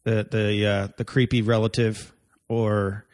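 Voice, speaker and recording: A man co-hosting a casual podcast chat, rambling through halting jokey asides in an echoey warehouse room. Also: fairly low pitch, flat delivery, a little mellow. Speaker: podcast co-host. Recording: room reverb, faint music.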